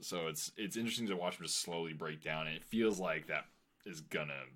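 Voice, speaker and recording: A man's voice: a bass voice, a little fast, a bit bright. A man co-hosting a podcast, chatting casually about a TV show and making wry, jokey comparisons. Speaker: podcast co-host. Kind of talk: casual chat recapping a TV show.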